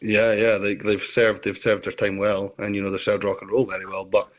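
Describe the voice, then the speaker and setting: Scottish guy on a video call, kinda low voice, rambling chatty stories. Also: monotone, a little fast. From Scotland. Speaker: interview guest. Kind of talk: casual chat.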